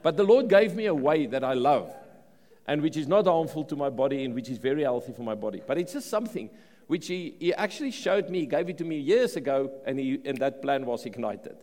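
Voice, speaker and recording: A man with a South African accent preaching a sermon in an animated way, often repeating words and restarting phrases. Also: a little high, fairly quick. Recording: long reverb of a large hall.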